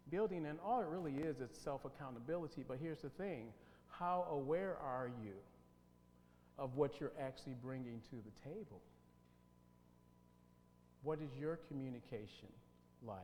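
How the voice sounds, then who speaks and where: A man running a workshop, emphatic and animated, firing questions at his audience. His voice sits a little high. It rings with a long reverb in a church hall, with a faint hum underneath. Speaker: workshop leader. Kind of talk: interactive workshop talk.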